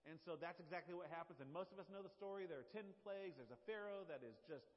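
A male pastor preaching a sermon, retelling scripture in a relaxed, conversational way. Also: fairly high pitch, quick pace. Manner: conversational storytelling, paraphrasing scripture in casual words. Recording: dull lo-fi sound with long hall reverb.

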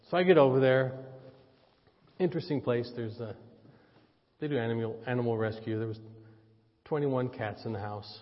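A man preaching a sermon, telling a personal story, joking with the congregation and switching between loud emphasis and quiet asides. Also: mid-range voice, moderate pace, pauses often. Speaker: pastor. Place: church sanctuary. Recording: dull church audio with long reverb.

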